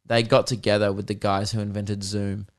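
A man's voice: on the low side, flat delivery, moderate pace. An Australian man in his twenties hosting a podcast, telling rambling, profane comic stories in a casual chat. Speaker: podcast host.

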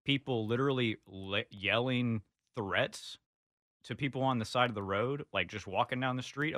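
Man, dry sarcasm, mid pitch, close dry mic. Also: moderate pace, a bit bright, no echo. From Houston. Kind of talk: casual talk radio chat.

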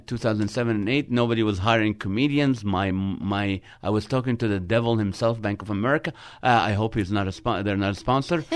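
Deep-voiced man telling funny stories. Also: smooth, dry recording, clean studio sound. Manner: animated storyteller, acting out dialogue. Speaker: Christian comedian guest. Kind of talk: storytelling with humor in a radio interview.

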